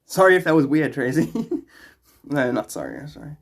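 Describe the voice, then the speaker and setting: Gravelly South African man chatting on stream. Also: fairly high pitch, wildly swooping pitch, normal speed. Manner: rambling, answers chat questions aloud. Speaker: livestreamer. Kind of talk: casual livestream chat.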